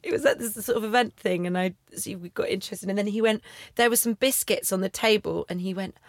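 A woman chatting casually as a podcast guest, animated and laughing often as she acts out what people said. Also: medium pitch, quick pace, no echo, studio quality.

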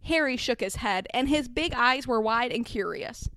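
A woman hosting a podcast, giving a mock-dramatic comedic reading with wry, deadpan asides. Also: fairly high pitch, moderate pace, no echo, clean studio sound. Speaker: podcast host reading aloud.

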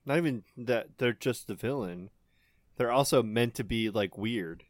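A man's voice: medium pitch, a little slow, dry recording, clean studio sound. A man co-hosting a podcast, joking crudely and rambling through a casual movie watch-along. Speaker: podcast co-host.

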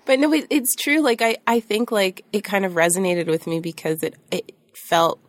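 A young woman in casual podcast chat, talking fast with many restarts and frequent laughs. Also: medium pitch, animated, no room sound. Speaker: podcast co-host.

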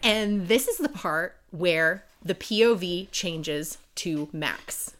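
Female co-host, lowish voice, lively casual storyteller recapping a novel. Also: slow pace. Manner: animated retelling, acting out character lines. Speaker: podcast co-host. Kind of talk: casual book review chat.

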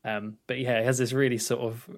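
In a creaky, mid-range voice with flat delivery and a fairly quick pace, a man co-hosting a podcast reviews a film casually. He's relaxed yet hesitant, often restarting and laughing.

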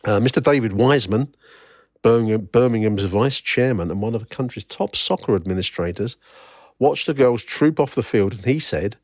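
A man's voice: lowish voice, expressive, moderate pace, a little mellow, dry recording, studio quality. A man hosting a solo football history podcast, wry and rambling, with many fillers and restarts as he reads out old newspaper reports. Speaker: podcast host.

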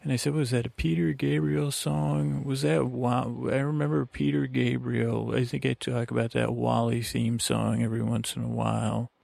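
Gravelly man rambling at bedtime. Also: mid-range voice, level tone, moderate pace, few pauses, darkish tone, no room sound. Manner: meandering, self-interrupting, drowsy. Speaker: podcast host. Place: lakeside vacation spot.

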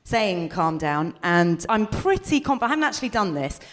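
A woman's voice: mid-range voice, very animated, normal speed. A woman co-hosting a live comedy podcast, telling self-mocking stories and laughing through them in front of an audience. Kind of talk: live stand-up storytelling. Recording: noisy live recording.

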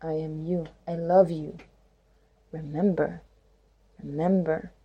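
A woman voicing Rama, a loving male god, in a gentle, soft and reassuring tone. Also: low-pitched, steady tone, takes it slowly, husky, muffled recording, heavily acted.

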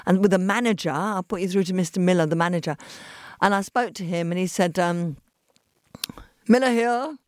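A woman with an East London accent, a guest telling lively stories in a podcast interview and acting out the voices of the people in them. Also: lowish voice, fast, dry recording, clean studio sound. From England. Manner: animated storyteller acting out quoted voices.

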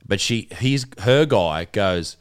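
A man's voice: on the low side, expressive, slow pace, clean tone. A man hosting a podcast, chatting casually with swearing, joking banter. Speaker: podcast host. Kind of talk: casual chat.

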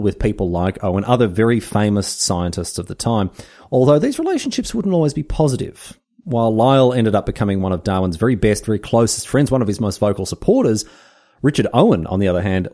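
A man's voice: fairly low pitch, mellow. An Australian man hosting a history podcast, telling the story in a casual, jokey, slangy way. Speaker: podcast host.

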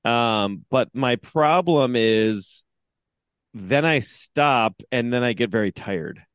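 A man, a father of two, co-hosting a casual podcast, rambling and joking with restarts as he pitches ideas. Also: expressive, slow, fairly bright tone, dry recording, clean studio sound. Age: adult, father of two. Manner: rambling, joking, self-interrupting. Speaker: podcast co-host. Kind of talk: casual sports podcast banter.

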